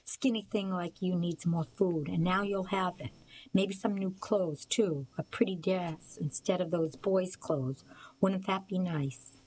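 A woman reading as a gruff, menacing old man. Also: fairly low pitch, steady tone, measured pace, darkish tone, a little hiss or hum, natural voice, low-quality recording. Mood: coaxing. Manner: read aloud, lightly voiced.

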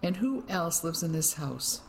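A woman's voice: fairly low pitch, big pitch swings, unhurried, gravelly, a little hiss or hum, exaggerated voice. A woman voicing a sneering German officer. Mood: menacing. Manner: cold, mocking. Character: stern male German wartime officer, sneering.

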